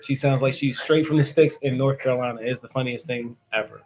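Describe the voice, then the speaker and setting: A man's voice: mid-range voice, steady tone, brisk, background noise. A man hosting a casual live stream who answers viewer comments and laughs often. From United States. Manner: chatty and joking, laughs often.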